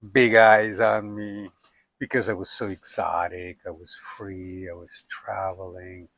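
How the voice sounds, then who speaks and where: A man in his seventies from Russia, telling his life story in a musing, unhurried way. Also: lowish voice, a bit bright, dry recording. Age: 70s. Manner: unhurried, musing, with frequent "you know" and "like". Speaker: documentary subject. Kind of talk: reflective personal storytelling.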